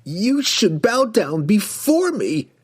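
A high, piercing voice for an arrogant wizard tyrant, shouting every boast slowly and grandly. The pitch soars and the timbre sounds strained and strange. The delivery is drawn out and imperious. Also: male voice, lively intonation, exaggerated voice. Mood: raging. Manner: shrill, slow, grandiose shouting.

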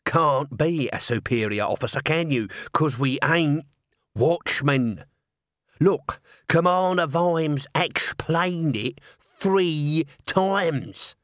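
A man's voice: a little high, slow pace, a bit bright, no echo, studio quality, pitched above the performer's own voice. A man voicing a shifty, uneasy little watchman who talks in a wheedling way in a storybook reading.

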